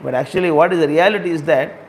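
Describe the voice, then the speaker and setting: A man giving a storytelling sermon, repeating phrases and slowly explaining words and verses. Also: on the high side, slight background noise. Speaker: speaker at a temple gathering.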